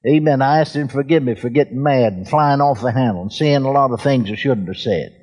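A man preaching a sermon, telling folksy anecdotes in a drawn-out way. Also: medium pitch, a little mellow, slightly rough. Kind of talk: sermon storytelling.

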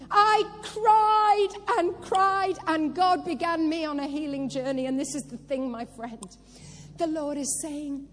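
A woman preacher with a very high voice delivers a slow, deliberate sermon that swells into impassioned, tearful declarations. Her words ring out through a large hall with a long reverb tail, while soft music plays underneath. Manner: testimony building to impassioned prophetic cries.

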